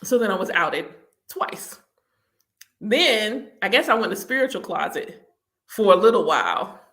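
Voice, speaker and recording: A woman hosts her own channel, casually telling personal stories with plenty of laughter and acted-out reactions. Her medium-pitched voice is animated and fairly bright, and she speaks a little slowly.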